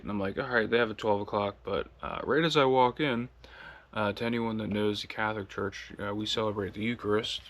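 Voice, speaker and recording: A man's voice: lowish voice, fairly bright tone. A man from the United States casually telling a travel story, rambling with lots of fillers and laughing as he goes. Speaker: long-distance walker vlogging.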